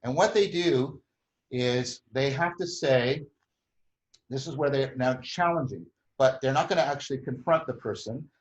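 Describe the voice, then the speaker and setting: A man's voice: mid-range voice, moderate pace, dull audio. Man explaining with frequent tag questions. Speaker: host. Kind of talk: conversational explanation.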